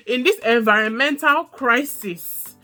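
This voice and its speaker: A young woman chatting casually through a reality show recap, animated and quick to laugh. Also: faint music behind. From Nigeria. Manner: animated, laughs often, mimics people in high voices.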